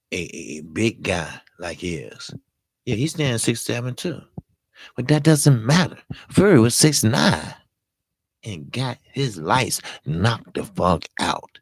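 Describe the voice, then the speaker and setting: A man with a low voice, hoarse after a long day of talking, hosts a live-streamed boxing show. He gives blunt, profane opinions with lots of emphasis and greets viewers as he goes. The sound is dry and close. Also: no room sound. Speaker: boxing talk show host.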